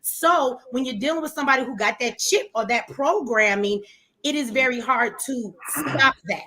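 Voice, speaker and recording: A woman guest on a call-in talk show, explaining her view quickly and at length in a lecturing way. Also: high-pitched, pushed and bright.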